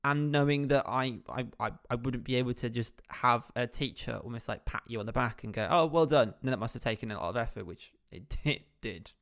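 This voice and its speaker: A man co-hosting a podcast, animated and teasing, who laughs readily. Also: medium pitch, fairly quick, few pauses. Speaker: podcast co-host. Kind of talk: casual chat.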